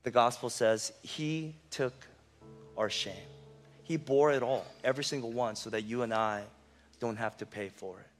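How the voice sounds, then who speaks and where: A man's voice: mid-range voice, normal speed, faint music behind. Impassioned male pastor in a reverberant hall. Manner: impassioned, swinging between loud emphasis and hushed intensity. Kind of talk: sermon.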